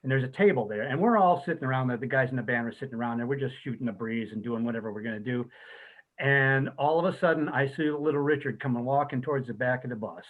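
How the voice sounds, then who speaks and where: A man's voice: mid-range voice, fast talker. A man telling funny anecdotes at an online memorial, laughing often as he talks. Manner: laughing, lively storyteller. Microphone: video call. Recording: tinny phone-like call audio.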